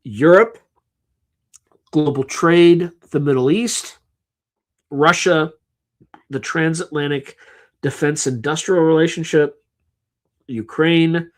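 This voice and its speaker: A man's voice: on the high side, takes it slowly, pauses often. A man hosting a live stream, tired and yawning, reading through a list in a casual, offhand way with sarcastic asides. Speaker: livestream host.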